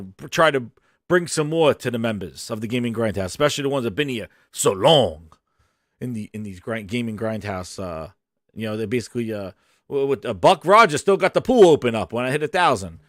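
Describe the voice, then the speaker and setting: A man hosting a casual live stream, hyped and shouting out viewers, his voice hoarse after a long day. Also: medium pitch, dry recording, studio quality. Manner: hyped, shouts out chat names.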